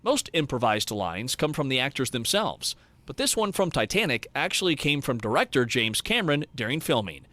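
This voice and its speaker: A man giving scripted narration of movie trivia in a brisk, reading style. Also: medium pitch, very animated, background noise.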